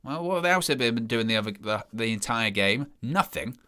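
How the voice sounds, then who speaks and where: Bright-voiced exasperated football fan. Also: male voice, medium pitch, expressive, normal speed. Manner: exasperated, sarcastic fan ranting about his team. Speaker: fan channel presenter. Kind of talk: live match watchalong commentary.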